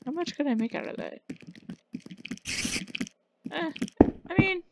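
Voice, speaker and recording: A woman's voice: extremely high pitch, lively intonation, a little slow. A woman giving casual gameplay commentary, playfully trash-talking the characters in her game. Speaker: gaming channel host. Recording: loud background noise.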